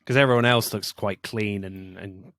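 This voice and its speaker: A man hosting a casual film review podcast. He speaks in a relaxed way, laughs often and leads the segments. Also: on the low side, normal speed.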